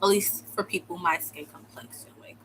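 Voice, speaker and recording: A bright-voiced young woman from the United States tells a storytime in loose, slangy talk. She often jumps into loud, high exclamations. Her voice is faintly noisy. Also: moderate pace. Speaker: vlogger. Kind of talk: casual storytime.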